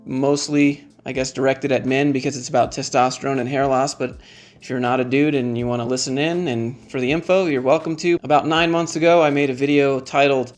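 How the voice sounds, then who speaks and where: A man in his thirties talking frankly to the camera in a casual vlog, joking as he goes. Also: mid-range voice. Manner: frank, joking, conversational, shows items to the camera. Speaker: YouTube creator.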